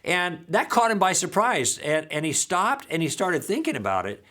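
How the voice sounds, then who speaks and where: An apologetics teacher with a high-sitting voice talks at normal speed in a recorded lesson. He tells stories from his own conversations, acting out both sides with animation and often pausing to ask the audience "okay?"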